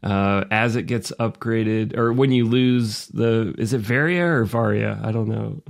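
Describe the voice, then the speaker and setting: A man's voice: lowish voice, level tone, measured pace, gravelly. A man co-hosting a casual podcast about video games, rambling with jokey asides. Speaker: podcast co-host.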